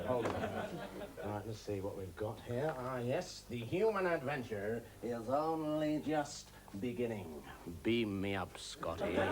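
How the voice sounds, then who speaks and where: A man's voice: lowish voice, lightly acted. A man playing a manic cheeky impostor on stage. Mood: playful. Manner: impish, quick-changing, clowning, playing to the audience. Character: manic mischievous male impostor, adult, restless and cheeky. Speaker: stage actor. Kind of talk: stage comedy acting.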